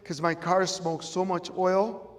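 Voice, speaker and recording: A man's voice: high-pitched, little pitch movement, measured pace. A middle-aged man with a Chicago accent giving a motivational stage talk, emphatic and repeating his key phrases. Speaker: motivational speaker. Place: event room with audience. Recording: long reverb of a large room.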